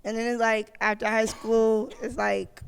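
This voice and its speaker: Hoarse, gravelly-voiced man in a roomy space. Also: high-pitched, little pitch movement, a little slow, a crowd in the background. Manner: laid-back, profane, upbeat. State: hoarse, voice cracking. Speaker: guest musician. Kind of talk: casual podcast chat.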